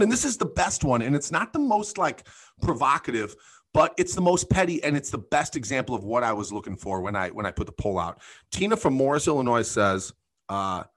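A podcast host, an adult man with a mid-range, slightly bright and slightly rough voice, keeps his comedic chat loose and profane. He laughs often, reads out listener messages, and tells stories.

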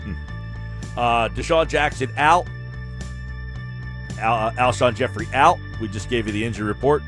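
A man hosting a sports radio show, talking in a casual, laid-back way with plenty of halting fillers. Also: mid-range voice, a bit bright, soft background music. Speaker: radio host.

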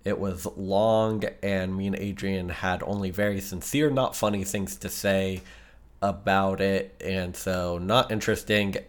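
A man's voice: deep voice, level tone, measured pace. A man co-hosting a casual podcast, dry and laid-back. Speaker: podcast co-host and producer.

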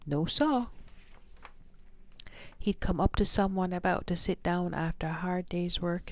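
A woman storyteller reading a storybook aloud to children, expressive, with sound effects and questions for her listeners. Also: lowish voice, unhurried, no echo.

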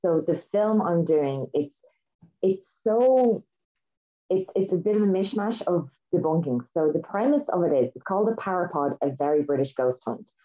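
Lively in intonation and moderate in pace, this podcast co-host speaks with a low-side voice. Her casual, enthusiastic storytelling rambles with plenty of fillers, captured in dull lo-fi audio.

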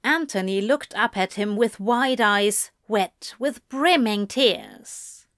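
Slow, expressive woman reading a story. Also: mid-range voice, dry recording, studio quality. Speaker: narrator. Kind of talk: audiobook reading of fan fiction.

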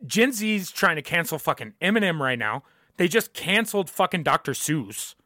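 A man's voice: on the high side, sing-song, normal speed, bright, forceful tone, no room sound, studio quality. A young man hosting a podcast, ranting casually and emphatically, swearing often and repeating his points. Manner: profane, emphatic, repeats himself.

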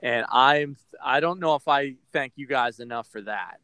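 A man's voice: mid-range voice, normal speed, sharp tone, clear, resonant tone, no echo. A man from Boston hosting a podcast, talking candidly and rambling with lots of fillers. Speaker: podcast host. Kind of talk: casual podcast chat.

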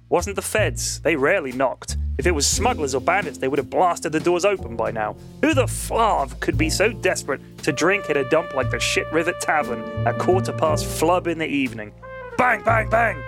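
A man co-hosting a podcast, telling stories and reading a comic sci-fi story aloud in an animated, expressive way, with guitar music behind him. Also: a little high, normal speed. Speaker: podcast co-host.

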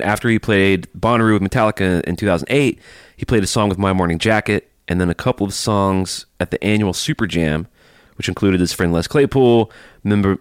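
Low-voiced joking male podcast host. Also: smooth, no room sound, clean studio sound. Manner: chatty, joking, reads notes aloud. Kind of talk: casual chat.

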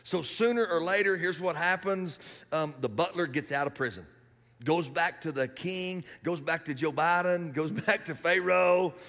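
A man preaching a sermon in a church hall, animated and building to shouts. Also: a little high.

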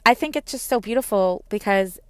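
A woman's voice: medium pitch, a little fast, no echo. A woman in her thirties, a mother, talking earnestly and reflectively, with frequent "like" and restarts. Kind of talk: personal reflective talk.

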